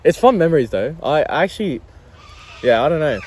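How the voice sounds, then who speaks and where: Animated young man chatting outdoors. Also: a little high, brisk, rough recording. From Iran. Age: young adult. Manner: animated, laid-back storytelling with slang. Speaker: interviewee. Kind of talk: casual interview chat.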